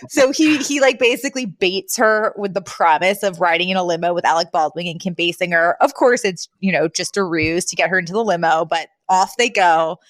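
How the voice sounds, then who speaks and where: A woman co-hosting a podcast, casually retelling scenes and jumping into higher voices for the quotes. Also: fairly quick, hardly any pauses, a bit bright, dry recording. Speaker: podcast co-host. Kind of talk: casual recap chat.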